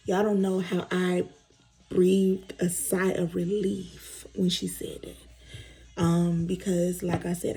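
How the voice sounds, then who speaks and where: A woman's voice: fairly low pitch, level tone, slow, vocal fry, mellow, faint music behind, rough recording. A woman vlogger chatting candidly with viewers while doing her makeup, repeating herself as she tells her story. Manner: candid, repetitive storytelling addressing viewers as y'all.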